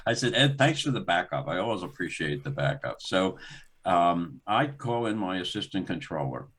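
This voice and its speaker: A man's voice: moderate pace, slight background noise. An older man, a guest on a talk show, telling a long story in conversation, acting out the dialogue as he goes. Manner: animated, acts out dialogue in the story with rising pitch and laughter. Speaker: guest, former sports executive.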